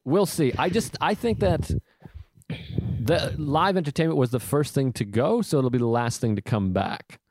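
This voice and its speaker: A man talks easily with a guest on his podcast, jokey and a little rambling, dropping swear words as he goes. His voice sits at a middling pitch and is recorded close and dry, with no room sound. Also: animated, moderate pace, a little mellow, dry recording. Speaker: podcast host, comedian. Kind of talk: casual podcast chat.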